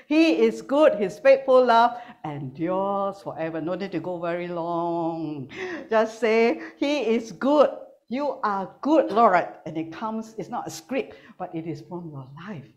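Animated woman preaching with teasing humor. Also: medium pitch, unhurried. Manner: animated, teasing, swings between loud and quiet. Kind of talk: sermon with humor. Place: church hall with online congregation.

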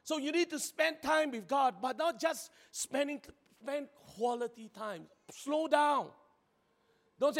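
A man preaching a sermon in a lively, chatty way, laughing often and acting out little scenes. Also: very high voice, normal speed. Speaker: pastor. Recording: long hall reverb.

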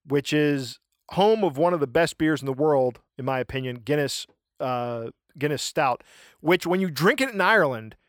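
Male podcast host, slightly high voice, dry close sound, rambles and hunts for words. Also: no room sound. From United States. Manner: rambling, gets excited, searches for words. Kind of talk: casual podcast chat.

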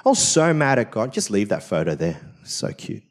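Lively pastor telling a story. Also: male voice, fairly low pitch, normal speed. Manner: conversational, frequent "right?" tag questions, self-mocking. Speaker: senior pastor. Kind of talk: personal sermon storytelling. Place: church service.

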